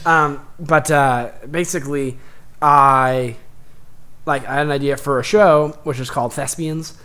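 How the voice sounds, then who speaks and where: A man's voice: medium pitch, fairly even intonation, measured pace, bright, forceful tone, clear, resonant tone. A young man co-hosting a casual comedy podcast, rambling through an idea and laughing as he talks. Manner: rambling, laughs often, acts out characters in his story. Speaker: podcast co-host. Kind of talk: casual chat.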